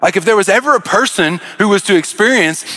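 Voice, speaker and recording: A man's voice: sits high, expressive, fast talker, pushed and bright. A man preaching a sermon as pastor, impassioned, often repeating words and restarting mid-phrase.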